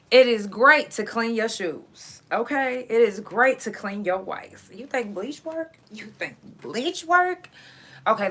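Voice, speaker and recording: Profane laughing woman host, bright voice. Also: on the high side. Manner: profane, laughing, drawls certain words for emphasis. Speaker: live show host. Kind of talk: casual storytelling to a live audience.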